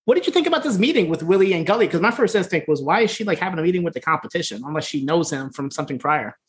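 Co-hosting a podcast, this man speaks very fast in a voice on the high side. He runs through a wrestling series in a loose, profane way, laughing and performing the characters' quotes with lively voices.

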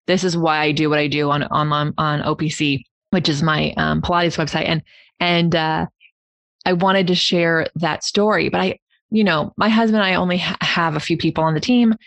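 A woman's voice: low voice, fairly bright tone, no room sound. A young adult woman hosting a podcast, enthusiastic and encouraging in casual chat. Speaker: podcast host, Pilates business owner.

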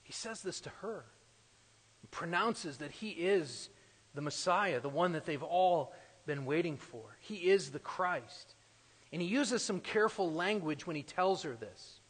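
A male preacher with a somewhat raised voice delivers a sermon in a big, echoing space. His delivery is emphatic, climbing to loud declarations and then dropping to hushed asides. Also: fairly high pitch, lively intonation, measured pace, breathy edge.

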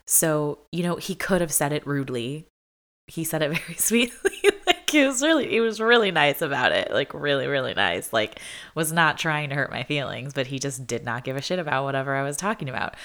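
Low-voiced young woman chatting casually. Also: fairly bright tone. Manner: chatty, frequent "like" fillers, laughs often. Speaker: vlogger. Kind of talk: casual chat.

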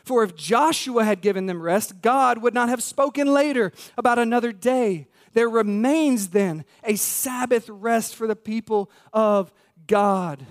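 A man's voice: extremely high pitch, unhurried. A man preaching a sermon as pastor, earnest and emphatic, repeating key words and speaking straight to the congregation. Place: church sanctuary.

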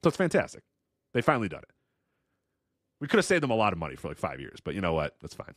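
A man's voice: on the low side, wildly swooping pitch, quick pace, a bit bright, no room sound. A man co-hosting a wrestling podcast, sardonic and rambling with frequent laughs on a close mic. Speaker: podcast co-host. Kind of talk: casual chat.

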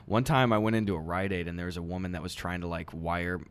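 A man's voice: low voice, steady tone, quick pace, clear, resonant tone. A man co-hosting a podcast in casual chat, swearing freely and acting out quoted people in a raised voice. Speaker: podcast co-host.

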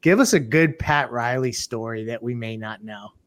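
A man's voice: medium pitch, normal speed. A man co-hosting a casual podcast interview, asking direct, conversational questions. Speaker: podcast co-host.

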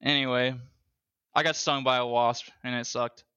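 A man hosting a podcast, telling animated stories with heavy swearing and bursts of laughter. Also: medium pitch, moderate pace, clean tone, no echo, highs cut off. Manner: profane, animated storyteller with loud laughing bursts. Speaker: podcast host. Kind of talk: casual chat, storytelling.

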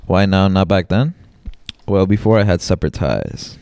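Low-voiced, lively young man. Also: moderate pace, creaky, a little hiss or hum. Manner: joking, profane, laughs often. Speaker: podcast co-host. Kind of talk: casual chat.

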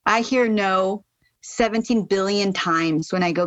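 A middle-aged American woman speaking as a podcast guest, lively and emphatic in her storytelling. Her voice jumps up sharply when she gets passionate. The sound is dry and a little muffled, like a remote call. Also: measured pace, no echo. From United States. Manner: lively, rises sharply in pitch when fired up. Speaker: podcast guest, charity founder. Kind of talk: casual interview storytelling.

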